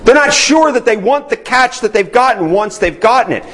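A man's voice: very high-pitched, animated, moderate pace, a bit bright, rough recording. A man teaching a Bible study in a conversational way, often putting questions to the group.

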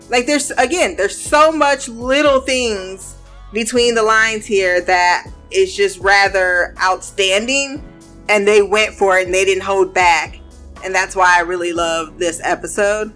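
A woman reviewing a TV episode in casual reaction commentary, animated and laughing often between playful asides. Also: medium pitch, slow, faint music behind.

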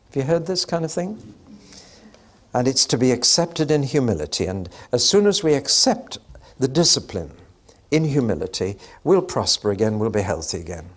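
A man's voice: mid-range voice, sing-song, moderate pace. A man giving a Bible teaching talk in a conversational way, with wry asides and rhetorical questions to his listeners.

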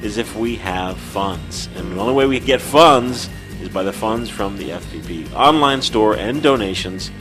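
A man chatting on a podcast, his voice sitting fairly low. He talks in a friendly, salesy way, and faint music plays behind him. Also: lively intonation, normal speed, hardly any pauses, fairly bright tone. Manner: chatty, salesy plugs, laughs often. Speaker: podcast co-host. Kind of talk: casual podcast chat.

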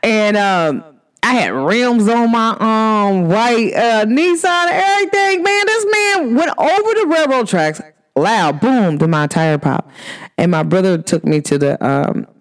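A woman's voice: a little high, very animated, unhurried. A woman from Cincinnati hosting a podcast, talking to her listeners in a casual, slangy way, laughing often and acting out what people said. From Cincinnati, USA. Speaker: podcast host.

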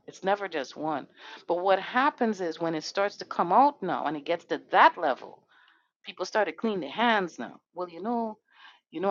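A woman hosting a podcast, delivering an impassioned monologue that is angry, profane and full of rhetorical questions. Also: on the low side. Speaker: podcast host. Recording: dull dry lo-fi recording.

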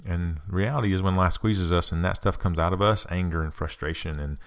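Middle-aged male speaker, flat low delivery, earnest personal talk. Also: a little fast, clean tone. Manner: earnest, confessional, repeats phrases. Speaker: speaker giving a spiritual self-help talk.

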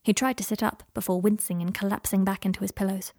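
A woman reading a story aloud in a soft-spoken way that often drops into whispers. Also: medium pitch, flat delivery, quick pace, dry recording, studio quality. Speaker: reader. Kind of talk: reading fan fiction aloud.

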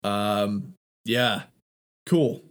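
Guy cohosting a music podcast, chatty, lots of laughs and restarts. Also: fairly low pitch. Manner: laughs often, halting restarts. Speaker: podcast co-host. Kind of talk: casual chat about albums.

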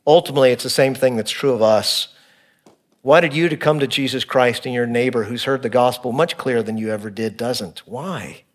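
A middle-aged man preaching an expository sermon, earnest and shifting between emphatic and hushed delivery. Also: mid-range voice, brisk. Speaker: pastor.

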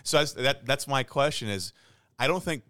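A man's voice: medium pitch, moderate pace, sharp tone, smooth, dry recording, clean studio sound. A man, co-hosting a podcast in casual, blunt, opinionated chat that slips into swearing. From St. Louis, Missouri, US. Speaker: podcast co-host.

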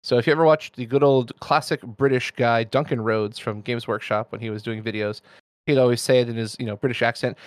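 A man's voice: medium pitch, fairly even intonation, fairly quick, dry recording. A man in casual conversation, explaining things enthusiastically in long, flowing runs. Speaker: miniature painting expert host. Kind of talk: casual chat.

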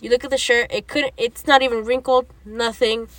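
High, bright, animated young woman. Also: a little fast, dry recording. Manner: animated storytelling, acts out quoted lines, swears often. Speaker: podcast co-host. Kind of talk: casual chat.

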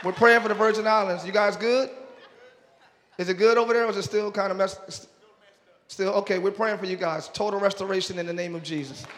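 This male pastor's voice is high and a little bright, with fairly even intonation and a brisk pace. He's doing crowd work mid-sermon at a live service, joking with the congregation and greeting visitors. The big church auditorium is recorded live, crowd noise and all.

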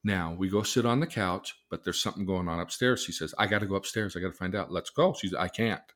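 Lively low-voiced man telling a story. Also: quick pace. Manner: vivid storyteller, acts out the people in his stories; swings between soft, low asides and loud, excited bursts.

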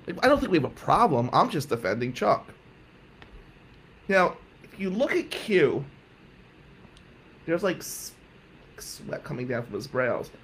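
A man telling a comic story from his own life, acting out the other people's lines with sudden jumps in pitch and volume. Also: vocal fry, slight background noise. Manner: animated, acts out quotes with jumps in pitch and loudness. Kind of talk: comedic anecdote.

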